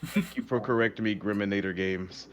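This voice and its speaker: A livestream co-host in casual chat, tossing in jokey deadpan asides. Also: low-pitched, brisk.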